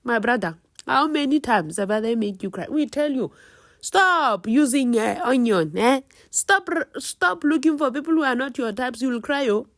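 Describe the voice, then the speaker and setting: A woman's voice: sits high, lively intonation, moderate pace, dry recording, studio quality. Chatty South African woman cooking at home. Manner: chatty, teasing, preachy asides to viewers. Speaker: cooking vlogger. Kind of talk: casual cooking vlog chat.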